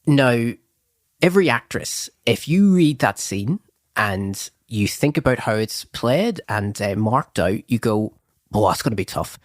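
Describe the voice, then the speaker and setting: A man co-hosting a film review show, chatting casually in a rambling, animated way that acts out quotes. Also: medium pitch, slow, no echo, clean studio sound. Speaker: film review podcast co-host. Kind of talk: casual chat.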